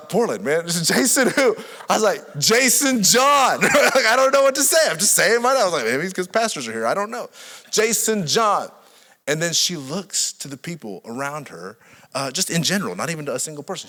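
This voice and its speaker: A middle-aged pastor preaching with a bright, lively voice that rises high and drops low. His storytelling moves between hushed asides and loud, laughing bursts. The sound rings with the long reverb of a large church hall. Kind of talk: sermon.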